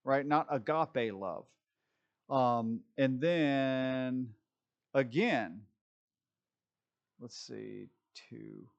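A man's voice: mid-range voice, gravelly, lo-fi sound. A man leading an informal Bible study, thinking aloud as he looks up verses and closing with a short prayer. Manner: halting, thinks aloud while leafing for verses.

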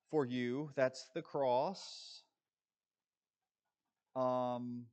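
A man preaching a sermon in a conversational, animated way, often acting out voices and restarting his sentences. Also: on the high side.

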